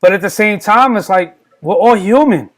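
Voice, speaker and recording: A man's voice: high-pitched, lively intonation, moderate pace. A man guesting on a casual podcast, talking candidly and rambling, often repeating words.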